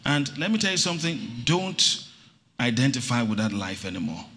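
A man's voice: mid-range voice, moderate pace. A middle-aged man preaching a sermon, calling for responses and acting out little stories. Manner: animated preaching with call-and-response and acted anecdotes. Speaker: pastor. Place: church hall. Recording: reverberant church hall.

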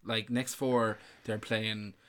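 A man's voice: lowish voice, little pitch movement, slow pace, fairly bright tone, clean tone. A man co-hosting a casual podcast chat, blunt and teasing and free with swear words. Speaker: podcast co-host. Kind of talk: casual chat about fantasy football.

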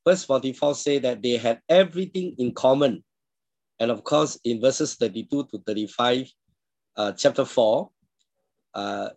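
A man preaching a sermon in a steady teaching tone, often clearing his throat and putting questions to his listeners. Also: medium pitch, no echo. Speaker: pastor. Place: online church service.

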